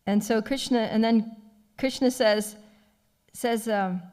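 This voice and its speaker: A woman giving a devotional scripture class, retelling a story with animated feeling and frequent soft laughs. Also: on the high side, takes it slowly, smooth, in a large hall. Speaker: class speaker. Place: temple class.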